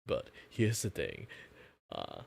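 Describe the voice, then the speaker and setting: A man streaming as a VTuber artist, chatting casually in his relaxed natural low voice and rambling with lots of "like" fillers. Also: slow, gravelly, husky, no echo. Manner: rambling, heavy use of "like" fillers.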